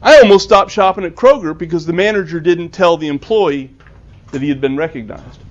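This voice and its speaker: Guy telling a heartfelt story to a club crowd, high voice, acts out the quotes, kinda muffled recording. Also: a little fast. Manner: earnest, acts out quoted dialogue. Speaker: author giving a presentation to a club. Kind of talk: storytelling talk. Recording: dull lo-fi recording.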